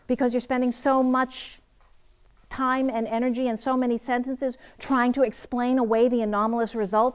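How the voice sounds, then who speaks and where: A woman teaching a writing workshop, lecturing with energy and quizzing her audience as she goes. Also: sits high. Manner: lively, asks the audience questions and answers them. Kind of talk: seminar lecture. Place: seminar room.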